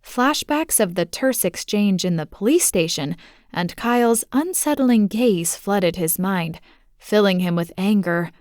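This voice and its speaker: A romantic suspense audiobook is read by a woman with a mid-range voice, recorded close on a studio mic with no room sound. She tells the story at a steady, measured pace.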